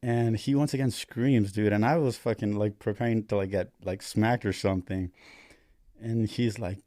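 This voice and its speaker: A man's voice: medium pitch, fairly even intonation, unhurried, no echo, studio quality. A man in his thirties, a paramedic and Marine veteran, telling stories in casual, profane chat. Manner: profane, laid-back storytelling that grows loud and laughing.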